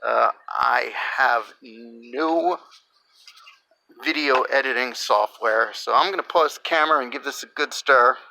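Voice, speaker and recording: A man filming a casual gardening vlog outdoors on his small deck, talking in a halting, rambling way with lots of fillers and restarts. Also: mid-range voice, creaky, pushed and bright. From New Jersey. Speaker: home gardener.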